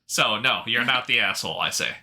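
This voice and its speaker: Man, podcast co-host, casual chat, supportive and upbeat, bright edge. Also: medium pitch, expressive, a little fast, creaky. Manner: enthusiastic, supportive.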